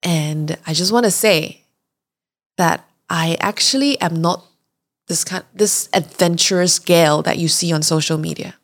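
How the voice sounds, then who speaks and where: Young woman, podcast host, chatty and confessional, lowish voice. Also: measured pace. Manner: chatty and confessional, often acts out her own reactions. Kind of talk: candid storytelling podcast chat.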